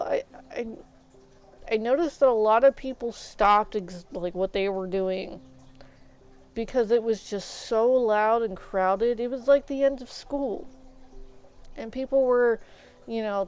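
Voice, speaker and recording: A woman's voice: mid-range voice, clean tone. A young woman streamer casually telling a rambling story from her school days while she plays, acting out the back-and-forth of what people said. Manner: rambling, animated retelling with quoted exchanges. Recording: dull lo-fi stream audio.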